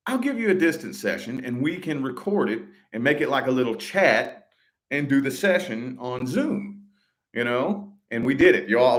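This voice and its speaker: Brief: middle-aged man, casual vlogger, cusses a lot, livens up when he quotes people, mid-pitched voice. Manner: swears freely, animated when quoting others. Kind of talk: casual storytelling to viewers.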